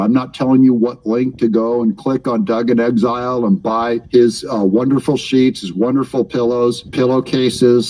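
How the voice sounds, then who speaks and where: A man's voice: medium pitch, a little mellow, poor audio. A man hosting his own commentary channel, talking back at clips in a mocking, sarcastic way.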